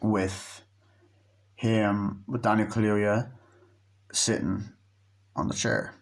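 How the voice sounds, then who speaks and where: A young man talks through a film review in a loose, rambling way, dropping curses and slipping into the characters as he retells scenes. His voice sits a little low for a man. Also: flat delivery, slow pace, gravelly. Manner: rambling, swears freely, acts out scenes. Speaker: movie reviewer. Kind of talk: casual spoken movie review.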